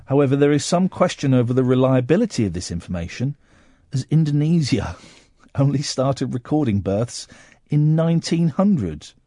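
A man's voice: mid-range voice, big pitch swings, moderate pace, warm tone, dry recording, clean studio sound. A man hosting a radio show, teasing and joking in casual banter, often stumbling and repeating words. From Slough, England. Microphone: studio mic.

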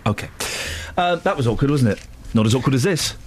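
Lively man hosting radio. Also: medium pitch, fast, slight background noise. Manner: playful, chatty, self-mocking. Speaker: radio host. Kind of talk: casual radio chat. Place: radio studio.

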